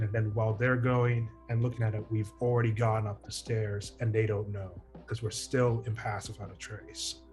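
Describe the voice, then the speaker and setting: Man, tabletop player, mid-pitched voice, rambling plans, faint background music. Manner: thinks aloud with many restarts. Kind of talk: casual game table chat.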